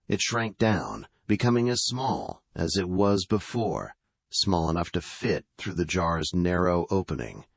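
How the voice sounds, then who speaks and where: A man with a deep, husky voice telling a bedtime story, his pitch moving in a lively way. He is recorded close and dry. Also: unhurried, no echo. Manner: calm storytelling with acted voices. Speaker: narrator.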